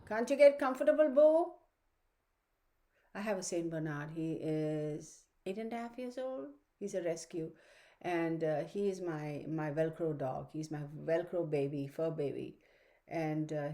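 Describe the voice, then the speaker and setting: A woman's voice: sits low, measured pace, dark tone. A woman reading a casual weekly astrology forecast from home, chatty and rambling, with many fillers and side remarks. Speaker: astrology reader. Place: home room with her dog. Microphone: computer microphone.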